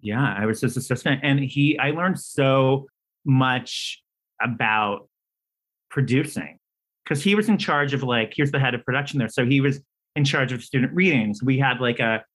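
In a low-quality recording, a male playwright-screenwriter tells casual stories at a moderate pace during an interview. Chatty and animated, he stops and restarts frequently, uses many fillers, and acts out dialogue with sharp pitch swings.

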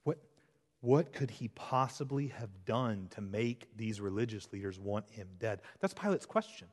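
A man preaching an expository sermon as pastor, shifting between loud emphasis and hushed, intense passages. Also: lowish voice, expressive, a little slow, breathy edge. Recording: long hall reverb.

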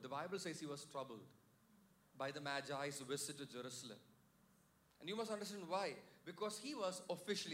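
Male pastor, sermon, church, fairly high voice, call-and-response. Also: fairly quick, a bit bright, a little hiss or hum. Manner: paraphrases scripture with many fillers and restarts.

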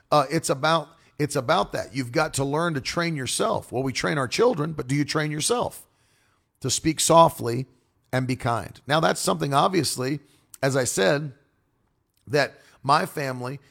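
A man's voice: medium pitch, gravelly. A male preacher giving a flowing sermon on marriage and parenting, repeating key phrases for emphasis. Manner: loose, flowing delivery with restarts.

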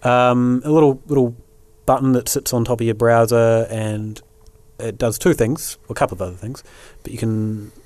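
A man's voice: medium pitch, normal speed, hardly any pauses, no room sound. A man co-hosting a podcast in casual chat, rambling along with plenty of fillers, recorded close and dry. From New Zealand. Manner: relaxed, rambling with many fillers. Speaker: podcast co-host.

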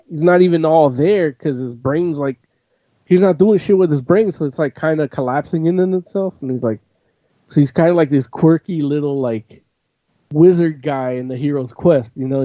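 Mellow-voiced man rambling in casual chat. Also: medium pitch, no room sound. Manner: rambling, profane, full of "like". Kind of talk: casual chat, recapping a comic. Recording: dull lo-fi audio.

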